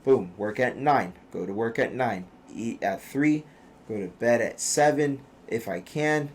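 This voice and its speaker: A man's voice: medium pitch, unhurried, slight background noise. A man, a former pro soccer player, guesting on a podcast and talking casually with emphatic, profane conviction. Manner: profane, emphatic, preachy when serious. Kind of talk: casual chat.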